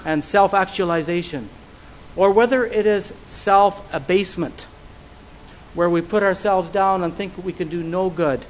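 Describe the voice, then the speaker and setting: A man preaching a sermon, earnest and measured, putting searching questions to his listeners. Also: sits high, slight background noise, rough recording.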